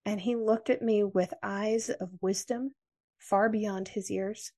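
An American woman speaking as a podcast guest, her voice sitting in a middle range. She tells her story in an earnest, measured way, one plain sentence after another. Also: medium pitch, steady tone, a little mellow. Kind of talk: personal story in an interview.

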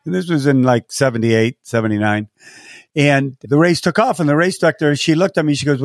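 A man's voice: a little high, fairly quick, no echo, studio quality. Older man, race announcer telling stories. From San Diego, California. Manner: animated, acts out quotes with lifted voice. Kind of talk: storytelling interview answers.

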